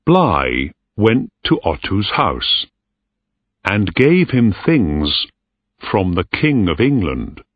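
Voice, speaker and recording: A man slowly narrating a simple story for English learners, reading it clearly. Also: on the low side, no room sound. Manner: very slow, clear, lively intonation. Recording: dry tinny lo-fi recording.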